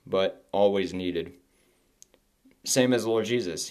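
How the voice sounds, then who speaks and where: A man hosting his own podcast, sharing a personal faith testimony in a halting, emotional way with many restarts, close to tears. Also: lowish voice, a little mellow. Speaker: podcast host.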